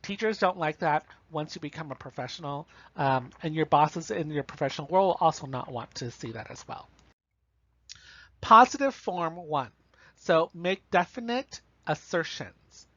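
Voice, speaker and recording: A college instructor in a recorded online lecture, explaining writing examples in a relaxed, chatty way that keeps checking in with the class. The voice sits at a middling pitch. The recording is a bit muffled and very dry, with no room sound. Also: normal speed, dry recording. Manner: casual, talks through examples with frequent "right?" and "you know". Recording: slightly dull, dry recording.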